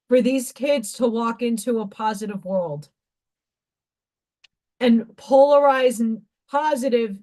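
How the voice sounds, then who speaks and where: A woman hosting a live craft stream, talking about spiritual growth in a passionate, preachy way and swearing freely. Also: a little high. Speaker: livestream craft host.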